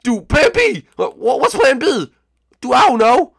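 A man doing a bratty, excitable young turtle prince. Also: unhurried, creaky, slightly rough, no echo, clean studio sound, exaggerated voice. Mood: panicked. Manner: high, excitable, says dude a lot.

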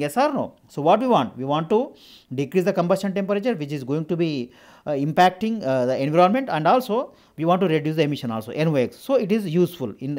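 A man's voice: a little high, darkish tone. A man with an Indian English accent, teaching exam prep and walking students through engineering questions, repeating phrases and asking rhetorical questions.

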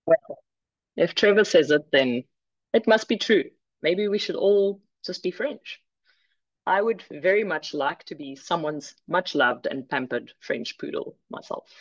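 A woman from South Africa presenting an online workshop, clear and measured with light humor. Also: deep voice, darkish tone, highs cut off.

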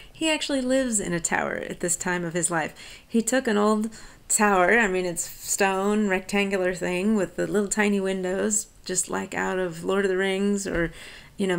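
An American woman, a college professor, reads a poem slowly and then explains it line by line in a relaxed, conversational lecture. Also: mid-range voice, creaky. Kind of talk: lecture on a poem, reading lines aloud and explaining.

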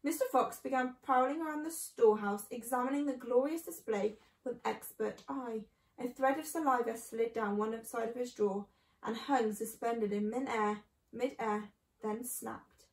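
A woman reading a children's book aloud in a clear, steady storytelling manner. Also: fairly high pitch, moderate pace, far from the mic. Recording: echoey room.

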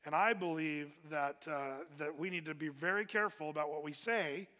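Speaking at a moderate pace in a fairly high, bright and forceful voice, a pastor gives a casual sermon with lots of fillers and restarts. The church hall is echoey, with long reverb.

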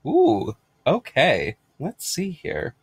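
A man's voice: medium pitch, expressive, moderate pace, fairly bright tone, no echo. Bubbly, giggly American man. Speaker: podcast host. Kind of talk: casual unboxing vlog.

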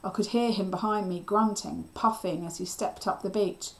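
A woman teacher reading a children's novel aloud with steady storytelling. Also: mid-range voice, moderate pace.

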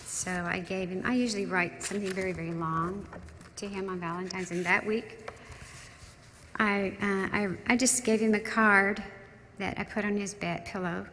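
A woman's voice: mid-range voice, fairly even intonation, normal speed, sharp tone, slight background noise. A woman in her sixties giving a heartfelt memorial tribute to her husband, telling stories with frequent restarts. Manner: emotional storytelling, trails off and restarts. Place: large church sanctuary. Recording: long church hall reverb with faint ambience.

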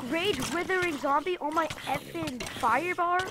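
A high-voiced woman narrating her own gameplay in an excitable, panicky way. She repeats the same words again and again and talks at an unhurried pace. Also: noisy background. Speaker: gamer. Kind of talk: let's play commentary.

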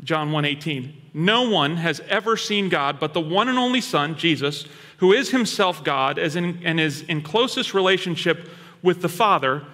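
A male pastor preaching a sermon in an animated storytelling manner. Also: sits high. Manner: animated storytelling, acting out quoted voices. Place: church hall. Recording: long hall reverb.

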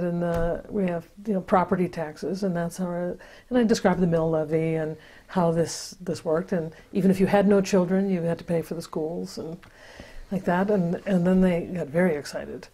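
Older woman, oral history interview, mellow warm tone, rambling storytelling with restarts. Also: medium pitch. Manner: storytelling with many restarts and laughs. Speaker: interviewee, sister-city project founder.

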